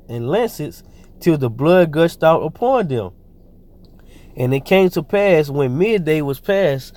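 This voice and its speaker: Higher-pitched man preaching loosely. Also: darkish tone. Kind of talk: informal scripture teaching.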